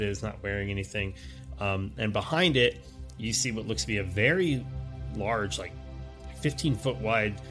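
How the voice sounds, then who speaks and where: A man's voice: lowish voice, a bit bright. A man narrating as game master of a tabletop game, describing scenes in a loose, rambling way with many fillers.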